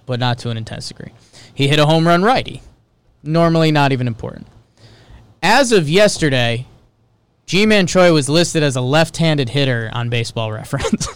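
A man co-hosting a baseball podcast in casual sports talk, excitable and jumping up in pitch to stress a point. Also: smooth, dry recording. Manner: excitable, jumps into high pitch for emphasis.

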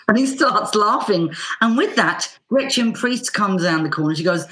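Lively Irish woman telling a story. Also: mid-range voice, normal speed, few pauses. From Ireland. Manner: lively, acts out quoted voices with lots of fillers. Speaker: banjo player and teacher guest. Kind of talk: casual anecdotal storytelling.

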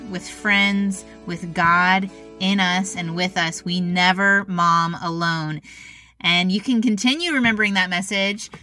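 A woman's voice: medium pitch, bright, forceful tone, dry recording, clean studio sound. A woman hosting a faith and parenting podcast, talking in an enthusiastic, upbeat way. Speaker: podcast host.

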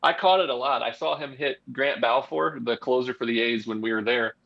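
A man's voice: mid-range voice, brisk, creaky, fairly bright tone. A man co-hosting a podcast, telling loose, rambling stories in casual chat. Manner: loose, rambling storytelling with fillers. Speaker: podcast co-host, former pitcher. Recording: dull lo-fi sound.

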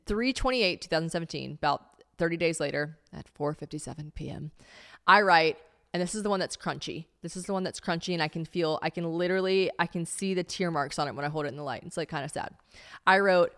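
A woman's voice: lowish voice, brisk, fairly bright tone. A young adult woman hosting a casual solo podcast, reading her old diary entries aloud and mocking them candidly, swearing freely and saying "like" a lot. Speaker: podcast host.

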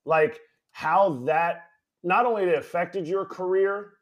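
A man's voice: sits high, steady tone, slow. A man hosting an interview, asking a rambling, hesitant question full of fillers. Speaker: podcast host.

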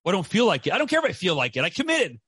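An author and speaker in his forties, a guest on a podcast, races through a passionate motivational interview in a high, bright, husky voice with a forceful tone and huge pitch swings. He's emphatic, repeats phrases, and keeps asking "right?" There's no echo.

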